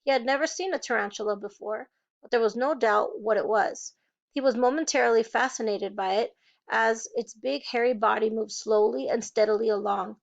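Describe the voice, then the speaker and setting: A woman's voice: fairly high pitch, normal speed, creaky, lo-fi sound. A woman reading a novel aloud, changing her voice to play each character. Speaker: reader.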